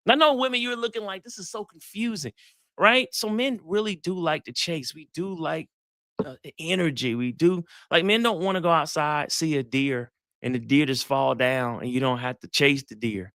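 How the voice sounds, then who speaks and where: Guy hosting a live dating talk, slangy storyteller, crisp dry audio. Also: on the high side, moderate pace, no echo. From Atlanta, US South. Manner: animated storyteller, acts out quotes, slangy. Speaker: psychologist hosting a live session.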